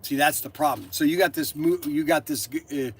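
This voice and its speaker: Fairly quick and slightly rough, with a voice on the high side, an older toy shop owner talks to camera inside his store. He hosts the channel in a rambling, casual, opinionated monologue, often laughing and restarting what he says.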